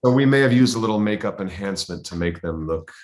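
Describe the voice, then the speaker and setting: Guest actor, male, animated storyteller who plays out the voices he quotes, roomy echo. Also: on the low side, fast, background noise. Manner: animated, acts out quoted voices, frequent restarts. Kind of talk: interview storytelling. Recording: roomy, echoey sound.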